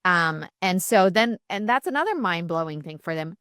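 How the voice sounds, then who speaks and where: A woman's voice: on the low side, animated, moderate pace, few pauses, fairly bright tone, clean tone, no echo. Female dentist co-host, direct and coaching, dry close recording. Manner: direct, advising, cuts in with pointed suggestions. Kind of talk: casual podcast chat.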